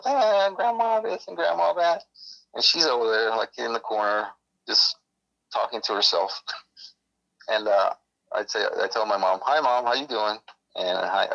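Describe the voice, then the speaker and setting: A man with a rough, gravelly voice and a sharp, bright edge tells a story in a loose, rambling way, often breaking off mid-sentence. He is heard over a muffled, lo-fi phone line. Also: fairly low pitch. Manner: rambling, self-interrupting. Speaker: guest, military veteran. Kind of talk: casual storytelling. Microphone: phone call.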